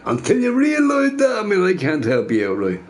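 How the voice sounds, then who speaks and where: A man's voice: sits high, huge pitch swings, brisk, faint music behind. A man ranting casually to his chat, repeating himself emphatically. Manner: emphatic, repeats phrases, says bro a lot.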